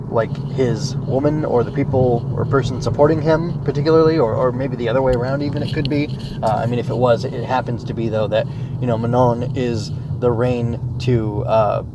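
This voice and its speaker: A man's voice: medium pitch, dull audio, background noise. A man hosting a solo anime review podcast, talking casually and thinking aloud, drifting into tangents with lots of filler words. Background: smooth jazz music playing.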